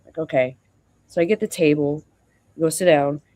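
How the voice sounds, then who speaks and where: A streamer tells a long personal story in a loose, rambling way, full of "like" and "you know." The voice sits at an ordinary mid pitch and jumps between narration and acted-out quotes of both sides of the exchange. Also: moderate pace, dark tone. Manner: rambling, acts out quoted dialogue, frequent fillers. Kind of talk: venting casual storytelling.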